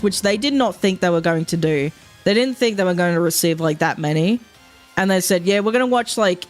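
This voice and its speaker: A young Australian woman with a medium-pitched voice tells a story on stream, chatting in a lively, casual way. She laughs often and swears freely.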